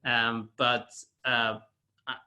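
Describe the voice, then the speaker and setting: A man hosting a podcast in casual conversation, hesitant, often restarting his phrases and clearing his throat. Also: medium pitch, little pitch movement, drawn-out words, pushed and bright. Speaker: podcast host.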